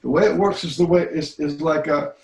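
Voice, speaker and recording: A man's voice: on the high side, fairly quick, darkish tone, roomy sound, rough recording. A man teaching a healing practice in conversation, earnest and repetitive, often checking that he is understood.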